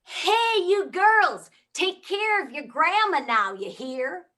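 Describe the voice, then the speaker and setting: A woman putting on the voice of a toothless old man yelling from his pickup truck. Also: very high-pitched, expressive, takes it slowly, pitched above the performer's own voice, exaggerated voice. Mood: hollering.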